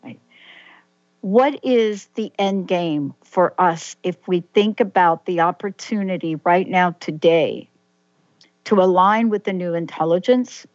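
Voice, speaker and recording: A woman's voice: lowish voice, unhurried, dry recording. Female interviewer, storytelling manner, dead-dry dull lo-fi audio. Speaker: host. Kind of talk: interview conversation.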